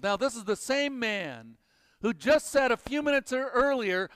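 Male pastor, high clear voice, emphatic preaching that sinks to a hush; church with long reverb. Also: lively intonation, measured pace, clean studio sound. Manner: emphatic, dropping to hushed intensity. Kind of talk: sermon.

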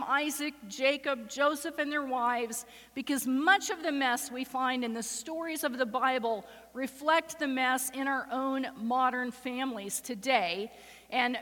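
A woman pastor preaches with a high, bright voice, acting out the voices in a scripture story. Long hall reverb trails behind every word. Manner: acts out the voices in the story with rising emotion. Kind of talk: sermon with dramatic scripture reading.

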